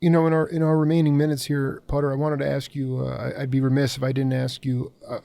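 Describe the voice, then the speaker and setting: A male radio host poses earnest questions, stumbling and restarting as he goes. His voice is mellow and gravelly. The booth sound is dry and close. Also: mid-range voice, little pitch movement, fast talker, no room sound. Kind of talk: interview questions.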